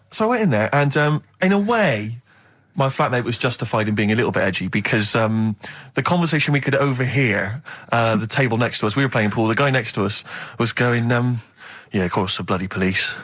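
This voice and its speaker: A man co-hosting a radio show, telling a comic story in animated bursts and acting out voices. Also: medium pitch, brisk. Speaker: radio co-host. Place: radio studio. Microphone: studio mic.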